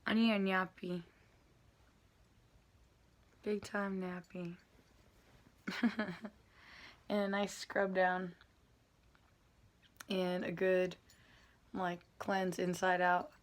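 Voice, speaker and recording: A woman's voice: mid-range voice, a bit bright. A woman vlogging casually at home, calling to her cat in sing-song, coaxing baby talk.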